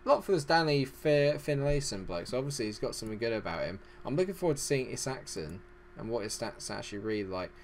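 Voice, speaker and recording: A man chats his way through a let's-play, narrating the action and rambling off on tangents. He talks at an ordinary, middle pitch and keeps poking fun at himself. Faint background noise sits behind him. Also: lively intonation, quick pace. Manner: rambling, self-deprecating chatter. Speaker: gaming channel host. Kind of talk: casual let's-play commentary.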